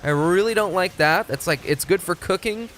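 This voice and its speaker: A man's voice: sits high, normal speed, fairly bright tone, slight background noise. A young man from Texas, chatting casually and profanely on a live stream. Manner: rambling, profane, laid-back.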